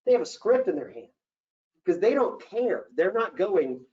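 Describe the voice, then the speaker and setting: A man running an acting Q&A as a casting director, coaching actors in an animated way and acting out example lines. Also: high voice, moderate pace. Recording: dull lo-fi session recording.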